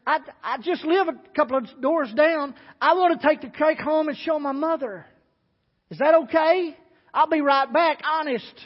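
A man's voice: extremely high pitch, moderate pace, voice pushed up. A man voicing a lonely, downtrodden woman who talks in a hesitant, apologetic way. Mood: eager. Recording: dull sound with long hall reverb.

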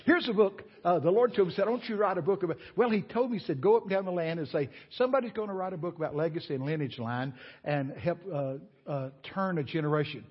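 A man's voice: high-pitched, quick pace, hardly any pauses, breathy edge, big-room sound. A man preaching a sermon as a guest speaker, folksy and exclamatory, telling stories to a congregation. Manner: folksy, exclamatory, animated storytelling. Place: church sanctuary. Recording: dull lo-fi church recording.

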